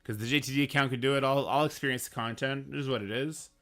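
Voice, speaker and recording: A man's voice: mid-range voice, fairly even intonation, fast talker, a bit bright. A man streaming about a mobile game, ranting in an emphatic, frustrated way and swearing now and then. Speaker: gaming streamer. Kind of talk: casual ranting commentary.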